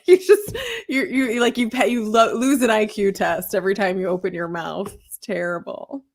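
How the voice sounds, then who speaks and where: A woman's voice: mid-range voice, fairly even intonation, moderate pace. An American woman doing a mocking stand-up set over a video call, laughing at her own jokes. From United States. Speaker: stand-up comedian.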